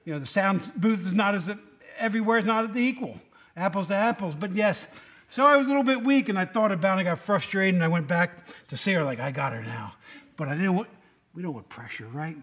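High-voiced man preaching a chatty sermon. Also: animated, fast, a bit bright. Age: 50s. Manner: conversational storytelling, folksy asides to the congregation.

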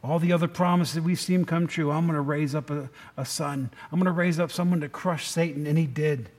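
A man's voice: a little high, steady tone, a little fast, darkish tone. A middle-aged man preaching a sermon in a conversational way, often asking the congregation questions. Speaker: pastor.

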